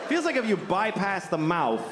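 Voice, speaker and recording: Sardonic male stand-up, lively swings. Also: high-pitched, normal speed. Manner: rambling, sardonic, self-deprecating, with restarts. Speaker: stand-up comedian. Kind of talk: stand-up comedy set. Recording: live hall with audience noise.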